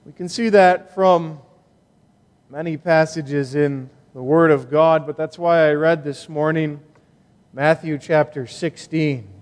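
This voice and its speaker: A male pastor preaching a sermon in a slow, emphatic way with long pauses, in a church sanctuary. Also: fairly high pitch, fairly even intonation, in a large hall.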